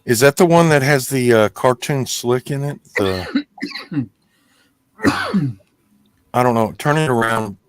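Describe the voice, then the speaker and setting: A man's voice: mid-range voice, unhurried, smooth, no echo. A man in casual chat, talking in a folksy, rambling way with many restarts and fillers. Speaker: guest, gas company worker.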